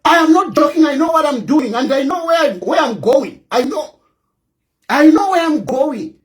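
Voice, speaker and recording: A man's voice: extremely high pitch, lively intonation, normal speed. A Zambian man, a politician, delivering a combative, mocking political rant and repeating his lines defiantly. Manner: defiant, repetitive, mocking, bursts of shouting.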